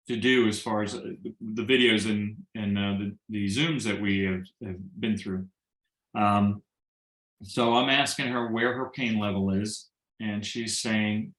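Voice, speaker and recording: Storytelling man in a roomy echo. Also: medium pitch. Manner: animated storyteller who acts out quoted dialogue and jokes. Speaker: guest sharing a testimonial. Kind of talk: casual storytelling on a video call.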